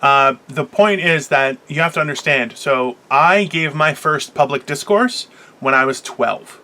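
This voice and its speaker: A man in his forties holds forth in casual talk-show chat, blunt and a little preachy. His voice is bright and sits somewhat high. He tends to talk over whoever is with him. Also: a little slow. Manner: blunt, lecturing, talks over his co-host. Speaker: co-host.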